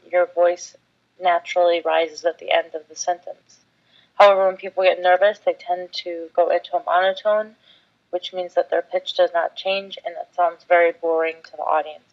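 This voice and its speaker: A woman teaching public speaking in a clear, measured, scripted way. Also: on the low side, highs cut off. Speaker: instructor. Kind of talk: scripted instructional talk.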